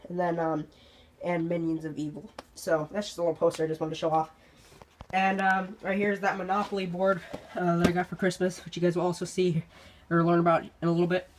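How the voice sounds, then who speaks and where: A young YouTube host who says they are sick and congested, giving a casual channel update vlog in a rambling, halting way full of ums and restarts. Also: mid-range voice, flat delivery, a little hiss or hum.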